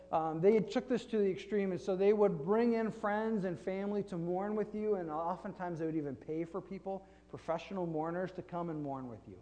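A man's voice: sits high, warm tone. A man preaching a sermon in a conversational, joking way, with laughs between points. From Flint, Michigan. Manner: conversational, self-deprecating with laughs. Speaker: pastor. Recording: long reverb in a large hall.

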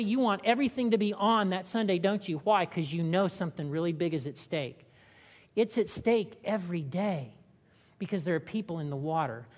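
A woman pastor delivers a sermon in an easy, conversational way, full of rhetorical questions and little acted-out voices. Her pitch sits in a middle range. The sound carries a long reverb, like a large hall. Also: darkish tone.

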